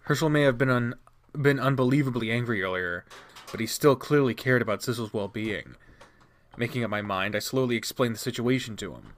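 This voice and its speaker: A man reading a visual novel aloud, narrating expressively with quick restarts. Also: medium pitch, fairly bright tone. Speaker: game reader.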